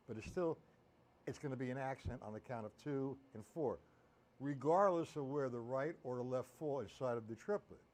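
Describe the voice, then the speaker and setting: A man giving a live-streamed drum lesson, explaining accents and counting beats aloud. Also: medium pitch. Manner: counts beats aloud loudly over drumming. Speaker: drum teacher. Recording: loud drum music under voice. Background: drums playing.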